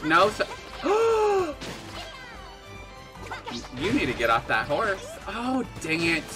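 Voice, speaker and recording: A man giving excitable live gameplay commentary, gasping and laughing as he reacts to the game. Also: sits high, very slow, long pauses, over music. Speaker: game streamer.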